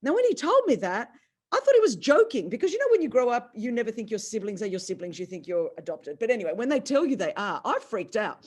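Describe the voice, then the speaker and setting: Middle-aged Australian woman, animated personal storyteller. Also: quick pace, husky. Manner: animated, acts out family dialogue with big pitch jumps. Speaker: speaker on a faith call.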